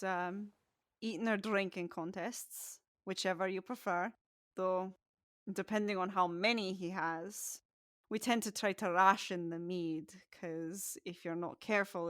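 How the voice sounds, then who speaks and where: A woman's voice: mid-range voice, dry recording, clean studio sound, close to an everyday voice. Woman doing a blustery old sea captain. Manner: blustering, threatening in jest. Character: gruff old male ship captain, blustery.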